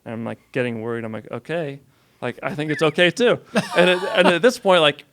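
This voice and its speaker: A man's voice: on the high side, a little fast, fairly bright tone, slight background noise. A young man telling a story casually as a podcast guest, rambling with lots of "like". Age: young adult. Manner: rambling, says "like" a lot, laughs through his story.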